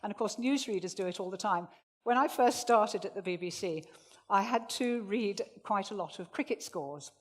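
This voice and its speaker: A woman running a presentation skills workshop for a live audience, jokey and lively, swinging her voice up and down to make her points. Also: moderate pace. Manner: lively, jokey, swings pitch widely for demonstration. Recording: echoey hall reverb.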